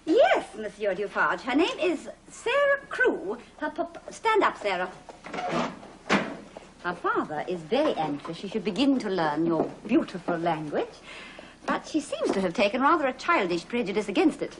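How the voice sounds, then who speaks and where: An actress playing a stern, prim headmistress who speaks in a crisp, formal way. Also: female voice, mid-range voice, big pitch swings, moderate pace, close to an everyday voice. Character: stern prim woman running a girls' school. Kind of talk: period film acting. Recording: hissy old film soundtrack.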